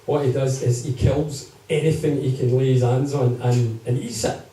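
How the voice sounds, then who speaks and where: At a live music gig, a storyteller entertains the audience with funny tales, chatting and checking in with the crowd. His mid-range voice is mellow, with fairly even intonation and a normal pace, picked up by a distant mic in an echoey room.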